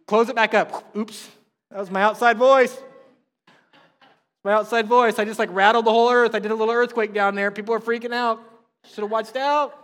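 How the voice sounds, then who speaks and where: A middle-aged man, a pastor, preaching a sermon in a conversational, animated way with emphatic rises. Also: very high-pitched, moderate pace, pauses often. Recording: long hall reverb.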